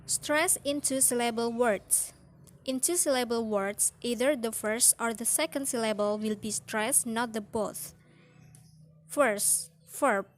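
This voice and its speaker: A woman works through a phonetics lesson on word stress. Her voice sits slightly high and she moves at an unhurried, careful pace. She lingers over each example word as she reads out the rules. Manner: slow, careful reading of rules with drawn-out example words.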